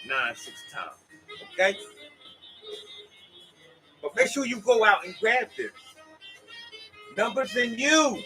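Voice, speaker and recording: Male host, high bright voice, rambling preachy talk, faint music behind. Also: poor audio. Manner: rambling, preachy, swears, talks to listeners as y'all. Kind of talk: casual spoken monologue.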